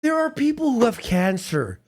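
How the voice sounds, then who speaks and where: A woman's voice: a little high, sing-song, moderate pace, darkish tone. A woman co-hosting a commentary stream, heckling a clip with crude, incredulous jabs. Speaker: co-host.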